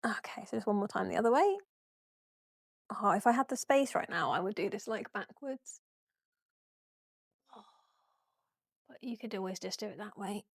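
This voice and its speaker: A woman's voice: mid-range voice, lively intonation, moderate pace, vocal fry, pauses often, no echo. Young female yoga teacher, casual and giggly, dry close-miked voice. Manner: chatty, giggly, apologetic, yawning. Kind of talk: casual guided yoga class.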